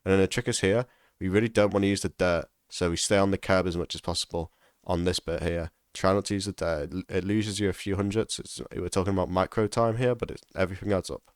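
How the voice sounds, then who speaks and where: A man's voice: sits low, steady tone, fast talker, clear, resonant tone, no echo, studio quality. A man giving casual instructional commentary over a sim racing lap, repeating key tips for emphasis.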